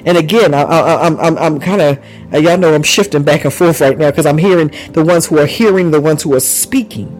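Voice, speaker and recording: A man's voice: fairly high pitch, fairly quick, darkish tone, soft background music, poor audio. A man preaching a charismatic sermon, fervent and repetitive, with bursts of praise and speaking in tongues. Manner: exclaims praise often.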